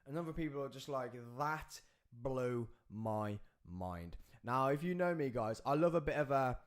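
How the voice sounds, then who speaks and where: A man's voice: mid-range voice, fast talker. A man hosting a live podcast. He rambles and jokes, and he keeps breaking off to talk to the crew. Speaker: podcast host.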